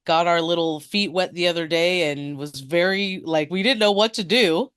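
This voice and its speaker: A woman's voice: fairly low pitch, normal speed, a bit bright, clear, resonant tone, no echo. Laid-back woman podcast host, dry sound. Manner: laid-back, swears freely, laughs often. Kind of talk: casual chat.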